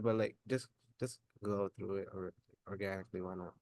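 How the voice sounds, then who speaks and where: A man's voice: sits low, fairly even intonation, moderate pace, darkish tone, no room sound. A man hosting a podcast, asking loose, rambling questions in casual slang with frequent restarts. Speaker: podcast host. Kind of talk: casual interview.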